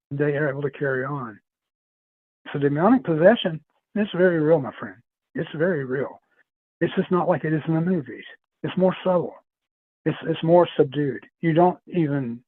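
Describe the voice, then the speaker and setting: Podcast guest, male, slightly higher voice, loose rambling storyteller, dry phone-line sound. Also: no room sound. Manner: rambling, repeats himself, laughs often. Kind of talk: casual storytelling chat.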